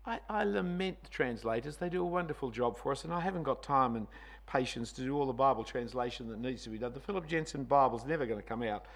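A man's voice: mid-range voice, expressive, fast talker. A male preacher giving a sermon, conversational with teasing asides, hitting single words hard for emphasis.

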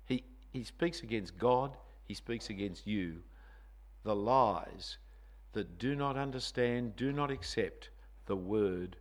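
A man's voice: fairly low pitch, slow pace. A male preacher giving a sermon, conversational with teasing asides, hitting single words hard for emphasis.

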